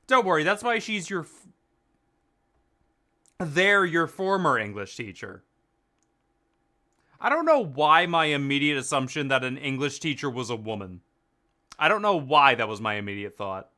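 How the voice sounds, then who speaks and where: Bright, joking young male streamer. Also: on the high side, big pitch swings, moderate pace, long pauses. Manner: joking, self-mocking. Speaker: gaming streamer. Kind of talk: casual game commentary.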